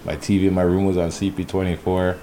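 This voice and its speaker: A man telling a story in a casual group chat, animated, acting out his own reactions. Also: low voice, fast, a little hiss or hum.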